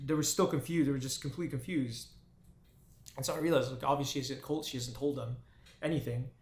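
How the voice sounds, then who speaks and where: Man telling a raw personal story, echoey room. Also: a little high. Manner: halting, with frequent restarts and fillers. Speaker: vlogger.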